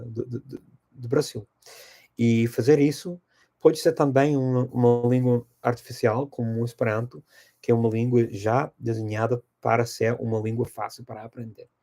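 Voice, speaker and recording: A man's voice: medium pitch, flat delivery, normal speed, mellow. A middle-aged man hosting a language-learning channel, casually answering viewer questions and thinking aloud as he goes.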